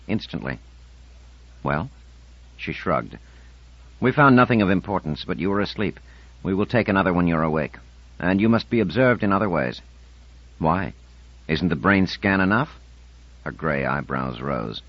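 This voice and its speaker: A man's voice: animated, normal speed, long pauses, no echo, lo-fi sound. A man narrating an audiobook, lifting his voice for the characters' dialogue. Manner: lifts pitch and volume for spoken dialogue.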